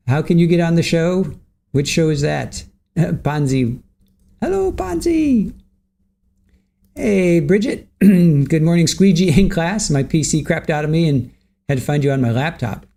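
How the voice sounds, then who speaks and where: A man's voice: a little high, vocal fry, warm tone. A man hosting a livestream, greeting viewers from the chat by name and chatting casually while waiting for court to start. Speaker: livestream host.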